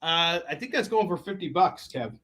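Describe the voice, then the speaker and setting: A man's voice: a little high, animated, normal speed, fairly bright tone. A man co-hosting a live shopping show, selling comic books with playful, jokey patter.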